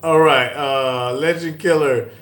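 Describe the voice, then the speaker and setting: A middle-aged man hosts a live-stream Q&A from an airport, reading viewer comments in a relaxed, chatty way and laughing often. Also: on the high side, slow pace. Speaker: cooking channel host. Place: airport lounge. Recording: echoey airport with faint hum.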